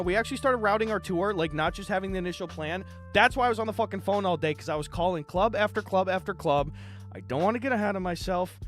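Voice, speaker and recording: A man chatting casually on a live stream, animated, jokey and full of swearing. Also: high voice, fast talker, soft background music.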